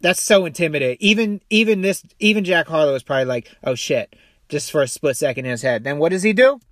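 A man giving loose, profane commentary on a video clip, animated and peppering his talk with "dude" and "okay.". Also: a little high, fast talker, dry recording, clean studio sound.

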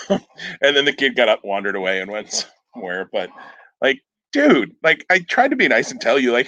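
A man's voice: medium pitch, sing-song, normal speed, bright, forceful tone, dry recording, low-quality recording. A man hosting a podcast, telling a long rambling story in casual chat, often breaking off with fillers and chuckles. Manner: rambling, self-interrupting, chuckling. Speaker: podcast host.

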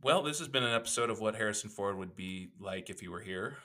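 A podcast co-host with a low but lively voice, rambling through casual chat with jokes and fillers. His tone is bright, and his pitch swings freely as he goes off on tangents. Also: quick pace. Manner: rambling and jokey, with many fillers.

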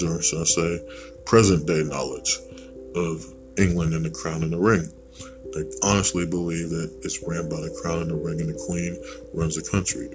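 A man's voice: low voice, rough recording. An American man hosting a podcast, rambling through a blunt, digressive opinion monologue with casual swearing. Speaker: podcast host.

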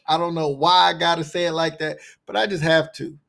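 A man's voice: fairly high pitch, steady tone, normal speed, gravelly, few pauses, a bit bright. A man hosting a recurring segment, speaking in a casual motivational monologue. He repeats phrases for punch and talks in laid-back slang, often saying "man.". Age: adult with a son.

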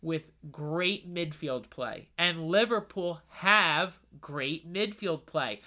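A podcast co-host chatting about football, loud and emphatic, quick to tease the other host. The voice is bright and edgy at an ordinary pitch. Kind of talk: casual football chat.

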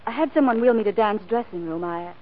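An actress playing a gentle young woman in a wheelchair, soft and hesitant, in 1940s film acting. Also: fairly high pitch, lively intonation, fast talker, natural voice. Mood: sad. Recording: dull old film soundtrack.

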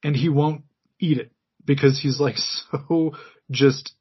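A man's voice: a little high, steady tone, slow, slightly rough, highs cut off. A man co-hosting a podcast in casual chat about a cartoon, rambling with many likes and laughs. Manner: rambling, laughing, filler-heavy. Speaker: podcast co-host.

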